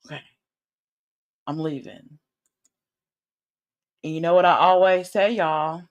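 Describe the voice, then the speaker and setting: A woman's voice: fairly low pitch, steady tone, takes it slowly, lo-fi sound. Rambling, playful woman livestreaming from home. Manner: rambling, playful and teasing toward viewers. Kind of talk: casual livestream chat. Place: home at night.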